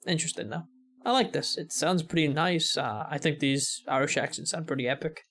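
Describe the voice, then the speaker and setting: American man, reaction host, slightly high voice, gravelly fry, filler-heavy casual chat. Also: fairly quick, a bit bright. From United States. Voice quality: rambling with many fillers.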